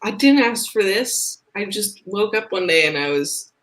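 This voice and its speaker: A woman in casual chat on a video call, quick with agreeing interjections and easy laughter. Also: mid-range voice, animated. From United States. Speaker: co-host.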